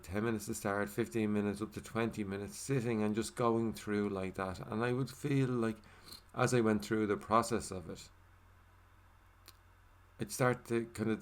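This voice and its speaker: A man with a very deep voice speaks a first-person voiceover about his meditation practice. His delivery is loose and conversational, full of "you know" and "like". He sinks into a soft murmur as he repeats the meditation phrases. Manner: casual, with many fillers like "you know" and "like". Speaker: English voiceover for a signed video.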